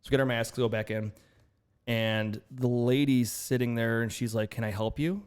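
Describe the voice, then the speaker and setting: A man co-hosting a casual podcast, telling an animated story and acting out both sides of each exchange. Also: mid-range voice, moderate pace, clean tone. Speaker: podcast co-host. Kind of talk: casual chat.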